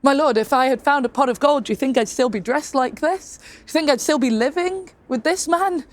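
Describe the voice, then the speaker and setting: A woman's voice: high voice, brisk, close to an everyday voice. Woman playing a sly woodcarver man. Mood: wheedling. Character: scheming sly male woodcarver, quick with excuses.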